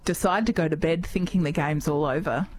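A woman's voice: low voice, fairly quick, slight background noise. Chatty Australian woman hosting talkback radio, teasing callers. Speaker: radio host.

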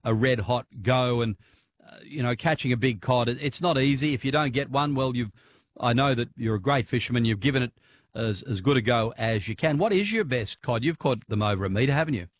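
A man with an Australian accent hosting a casual radio interview, chatty and quick to laugh. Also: mid-range voice. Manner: chatty, laughs easily, lots of fillers. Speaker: radio host.

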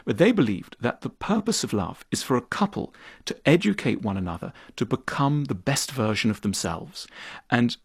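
A man being interviewed as an author, explaining his ideas in conversation, animated and thoughtful, acting out little scenes as he goes. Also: normal speed, creaky, breathy edge, dry recording, studio quality. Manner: animated, acts out quoted voices with big pitch jumps; thoughtful, explanatory, repeats words when starting a point.

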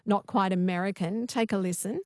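A woman's voice: mid-range voice, fairly quick, darkish tone, no room sound, studio quality. Woman radio host. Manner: conversational, reads listener messages. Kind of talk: radio interview. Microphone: studio mic.

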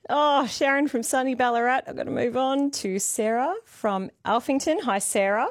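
A woman's voice: high voice, normal speed, no room sound, studio quality. An Australian woman hosting a live radio quiz, bubbly and giggly as she takes callers. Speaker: radio talkback host. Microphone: studio microphone.

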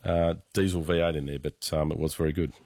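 A man answering listener questions about cars on a radio call-in show, measured and explanatory, with many fillers. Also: very deep voice, fairly even intonation, a little mellow, dry recording, studio quality. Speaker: motoring expert on radio.

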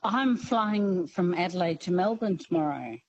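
A woman's voice: on the low side, animated, measured pace, darkish tone. A woman calling a radio show, eager and rambling about her plans. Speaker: caller. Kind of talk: phone-in chat. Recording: dull phone line with faint hiss.

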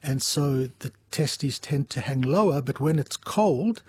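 A man as a medical expert guest, giving patient, measured explanations with small restarts. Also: mid-range voice, lively intonation, darkish tone, slightly rough, dry recording. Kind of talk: explanatory interview answers.

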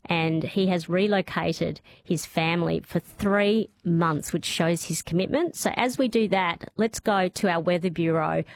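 A woman hosting a live radio show, brisk and friendly as she moves between callers. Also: lowish voice, a little hiss or hum. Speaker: radio host.

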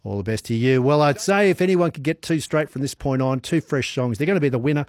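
A man's voice: mid-range voice, lively intonation, darkish tone, no room sound, studio quality. A man hosting an evening radio quiz, chatting with callers in an upbeat, chummy way. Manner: upbeat, chummy, quick banter. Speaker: radio host. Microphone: studio microphone.

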